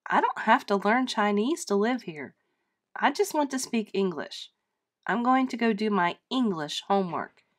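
Whiny stubborn little girl in a read-aloud play, a teacher doing the voice, a bit higher and brighter than her usual. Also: animated, normal speed, lightly acted. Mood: protesting. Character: stubborn eight-year-old girl.

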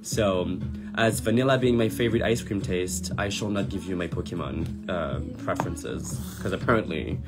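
A man's voice: deep voice, normal speed. A man in his thirties from France with a French accent, chatting casually on a livestream and answering viewers' comments. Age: 30s. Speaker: drag performer on a livestream. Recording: music playing behind the voice. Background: music.

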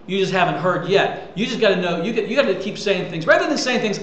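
A man preaching a sermon in an animated way, rising loud and dropping soft and often repeating words. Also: sits high, a little fast, hardly any pauses. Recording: echoey room with faint ambient noise.

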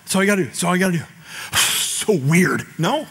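A middle-aged American man preaching a lively, joking sermon that builds to shouts. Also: sits high, fairly quick, creaky, slightly rough. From United States. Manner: animated, jokey, shouts scripture cries. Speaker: pastor.

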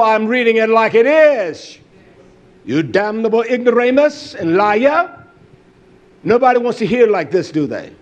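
A man preaching a fiery, confrontational sermon, scolding and cursing, swinging between loud outbursts and low muttering. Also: highs cut off.

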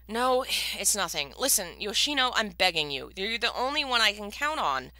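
A woman's voice: mid-range voice, sing-song, normal speed, pushed and bright, no room sound, pitched above the performer's own voice. A woman reading a book aloud and voicing a desperate man who pleads urgently for his family's lives.

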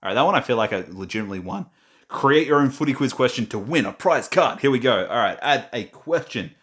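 Animated and fast, with a mid-range, slightly bright voice, this young Australian man is a gaming vlogger. He reads quiz questions aloud in casual screen-recorded commentary, muttering and mocking himself along the way.

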